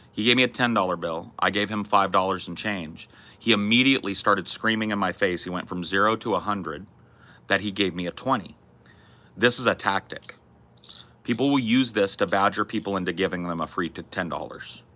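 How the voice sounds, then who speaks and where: Brief: low male streamer, blunt and profane, forceful edge. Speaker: streamer host. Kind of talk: casual chat answering viewers.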